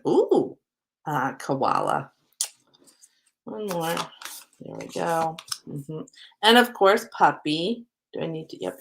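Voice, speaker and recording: A woman's voice: lowish voice, heavy background noise. Chatty woman host, oracle card reader, upbeat and rambling on a livestream. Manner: chatty, rambling, frequent ums; spiritual, upbeat. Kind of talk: live-streamed card reading.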